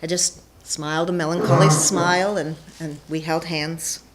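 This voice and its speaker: A woman's voice: low voice, steady tone, moderate pace, crowd noise. A woman telling a personal story onstage before a live audience, playful and self-mocking.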